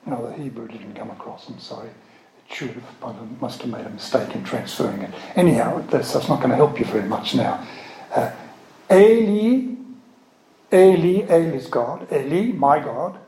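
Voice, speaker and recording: A man's voice: mid-range voice, lively intonation, darkish tone, echoey room, rough recording. A man preaching a sermon and explaining words step by step, stopping now and then for asides. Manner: slow, explanatory, with word studies and asides.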